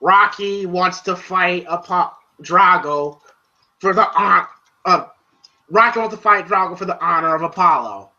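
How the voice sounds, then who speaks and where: A movie reviewer giving a casual spoken review, excitable and profane, retelling scenes in long run-on recaps. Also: medium pitch, a little slow, highs cut off.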